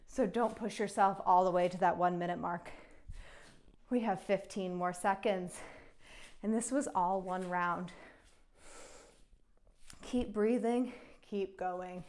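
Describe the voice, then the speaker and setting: A young woman works as a fitness instructor, leading a follow-along kettlebell workout while out of breath. Her voice sits in the mid-range, and she speaks slowly with long pauses, counting down reps and offering encouragement.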